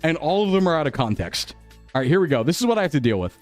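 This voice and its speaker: A man's voice: fairly high pitch, big pitch swings, racing, soft background music. A man streaming live, chatting casually and laughing as he defends himself in a flustered way. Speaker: VTuber streamer. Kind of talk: casual livestream chat. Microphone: desktop streaming mic.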